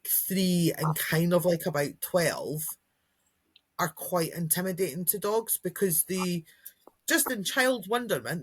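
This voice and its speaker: Husky-voiced woman chatting about dogs. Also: lowish voice. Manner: chatty, acts out dogs' and kids' voices. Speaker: podcast co-host, dog trainer. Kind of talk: casual chat.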